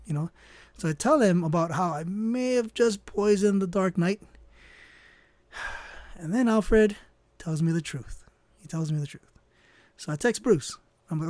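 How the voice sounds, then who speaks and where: A man's voice: high-pitched, lively intonation, normal speed, a little mellow, dry recording. A man telling a casual comedic story while he draws, rambling and offhand, often trailing off with "I don't know.". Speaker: storyteller and artist.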